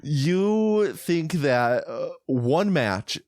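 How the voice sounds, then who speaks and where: A man's voice: a little high, expressive, very slow, a little mellow, no room sound, studio quality. A man co-hosting a casual movie podcast, skeptically questioning his co-host. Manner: skeptical, questioning, laughs often.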